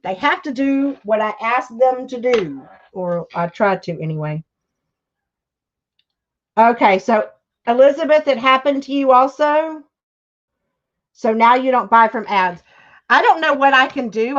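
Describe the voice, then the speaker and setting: A woman's voice: on the high side, a bit bright, highs cut off. A woman chatting casually on a livestream, gushing about her crafts and reading the chat aloud. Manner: chatty, gushing, says y'all often, reads chat aloud. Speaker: YouTube crafter hosting a livestream.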